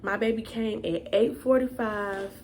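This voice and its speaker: A woman's voice: medium pitch, fairly even intonation, measured pace, a little mellow, slight background noise. A young woman telling a storytime vlog in a casual, chatty way, addressing viewers as y'all. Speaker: vlogger.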